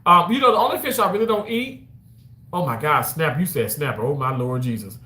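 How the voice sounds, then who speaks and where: Bright, animated man chatting on stream. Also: fairly high pitch, fairly quick, roomy sound. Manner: animated, chatty, exclaims often. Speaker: livestreamer chatting with viewers. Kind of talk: casual livestream chat.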